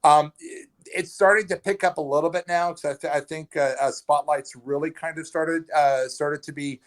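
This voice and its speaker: A fairly high-voiced man chats as a podcast guest over a patchy remote call. He tells stories in an animated way, often restarting his sentences. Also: moderate pace. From Texas. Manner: animated storyteller with frequent restarts. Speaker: podcast guest, trades recruiter. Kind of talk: casual storytelling chat. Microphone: remote call with a bad connection.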